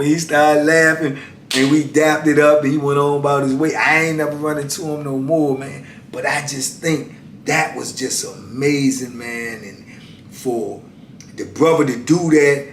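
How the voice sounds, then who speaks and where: Man, fifties, casual storyteller, animated, drawn-out delivery, echoey room, distant mic. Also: on the high side. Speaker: channel host telling prison stories. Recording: echoey room, voice away from the mic, faint background noise.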